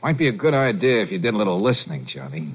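A wry laid-back private eye, lively voice, 1940s radio drama, dull lo-fi sound. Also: male voice, on the low side, fast, vocal fry, breathy edge, heavily acted. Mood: calming. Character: wry, calm private detective. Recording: dull lo-fi old radio recording.

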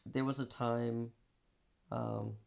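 A woman co-hosting a podcast, talking candidly about feelings in an animated way, often acting out voices and laughing. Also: rumbling low, takes it slowly, creaky. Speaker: podcast co-host. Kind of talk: candid personal chat.

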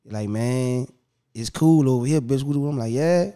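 A man, a podcast guest telling stories in animated casual talk, acting out voices and laughing often. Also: medium pitch, measured pace, clear, resonant tone. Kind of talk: casual storytelling.

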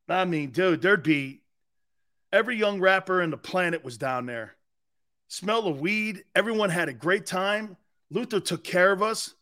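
A man's voice: fairly high pitch, a bit bright. A man hosting a sports talk show, telling rambling stories, laughing often and acting out the voices of people he quotes. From Sicilian-American heritage. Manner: laughs often between lines. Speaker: sports radio host.

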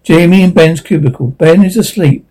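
A man reads stage directions from a drama script, plain and matter-of-fact. His voice is high and slightly husky. The tone is dark and mellow. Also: normal speed, low-quality recording. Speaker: narrator. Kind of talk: reading a drama script aloud.

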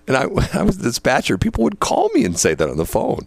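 A man's voice: mid-range voice, wildly swooping pitch, fast talker, gravelly, husky, dry recording. A man and former police dispatcher telling old work stories in a rambling, casual way, full of fillers and laughter. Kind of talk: casual storytelling.

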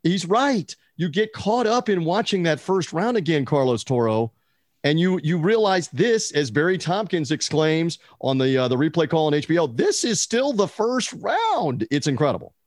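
A man's voice: on the high side, big pitch swings, moderate pace, no room sound. Enthusiastic male podcast host, dry sound. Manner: enthusiastic storytelling, rambling. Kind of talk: casual podcast chat.

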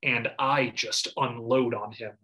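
A man in his thirties co-hosting a casual sports podcast, telling stories with lively shouted impressions. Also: mid-range voice, slow pace, lo-fi sound. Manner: animated storyteller, bursts into shouted impressions. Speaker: podcast co-host. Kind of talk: casual chat.

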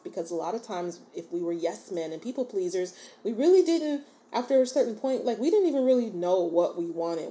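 Woman, solo podcast host. Warm and mellow, chatty, encouraging, keeps checking in with listeners. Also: mid-range voice. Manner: chatty and informal. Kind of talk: casual solo podcast talk.

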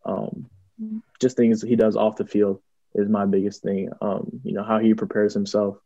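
A man's voice: lowish voice, flat delivery, normal speed, vocal fry, warm tone, no room sound. A young man, a college football player, answering interview questions casually, with lots of ums and restarts. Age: young adult. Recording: dull lo-fi audio.

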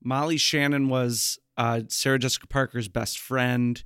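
A young man co-hosting a podcast, chatting casually in an animated, self-deprecating way and exclaiming often. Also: medium pitch, unhurried, clear, resonant tone, dry recording, studio quality. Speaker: podcast co-host. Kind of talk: casual chat.

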